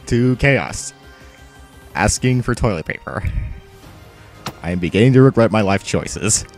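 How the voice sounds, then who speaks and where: A man's voice: on the low side, measured pace, faint music behind. A man reading fan-dub lines and breaking up laughing at them. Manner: lively, laughing through his lines. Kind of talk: fan-dub blooper outtakes.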